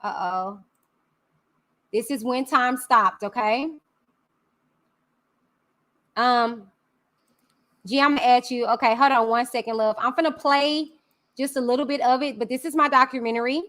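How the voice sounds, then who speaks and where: A woman hosting a live stream on a video call, chatty and warm with her viewers. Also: a little high, measured pace, long pauses. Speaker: host.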